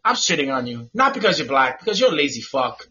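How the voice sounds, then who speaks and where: A man hosting a casual podcast, ranting loudly and profanely with lots of laughter and repetition. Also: fairly high pitch, sing-song, quick pace. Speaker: podcast host. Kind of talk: casual comedic rant. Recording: dull lo-fi sound with noise.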